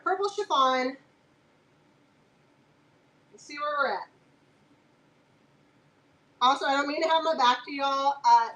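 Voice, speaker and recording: A woman selling fabric on a casual live stream, chatty and joking, laughing often and talking aside to her dog. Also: sits high.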